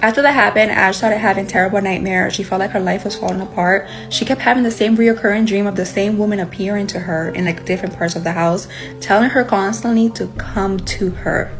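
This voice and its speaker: A woman's voice: medium pitch, fairly even intonation, brisk, faint music behind, poor audio. A woman retelling someone else's ghost story in a chatty storytime way, closing with her usual catchphrase. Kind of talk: casual storytime.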